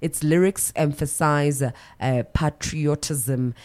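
A woman's voice: deep voice, fairly even intonation, slow pace, darkish tone. A woman hosting a morning radio show, chatty, with fillers and self-corrections. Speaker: radio host. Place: radio studio.

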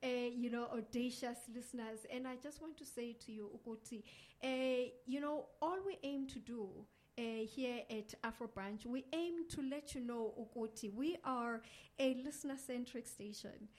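Female radio host, higher voice, energetic studio presenter. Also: normal speed. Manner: energetic, upbeat, lists off places with flair.

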